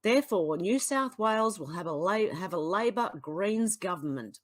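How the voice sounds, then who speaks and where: An Australian woman reading out social media posts and reacting to them bluntly, with frequent exasperated sighs and sudden sharp retorts. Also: medium pitch, lively intonation, normal speed, hardly any pauses. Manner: exasperated, blunt, swings between sighs and outbursts. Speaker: political commentary vlogger.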